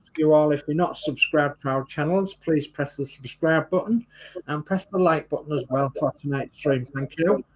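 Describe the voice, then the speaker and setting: A man's voice: on the high side, moderate pace, poor audio. A man co-hosting a live stream, reading out viewers' greetings in a friendly way. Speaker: livestream co-host.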